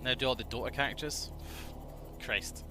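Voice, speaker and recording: A young man streaming a game, chatting casually with his audience in a joking, animated way and swearing freely. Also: mid-range voice, normal speed, over music. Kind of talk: casual live-stream chat reading.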